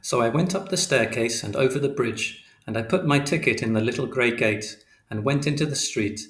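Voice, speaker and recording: A man reading an audiobook aloud in a steady, literal, matter-of-fact way. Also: medium pitch, normal speed. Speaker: audiobook narrator. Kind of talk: scripted narration. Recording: roomy echo.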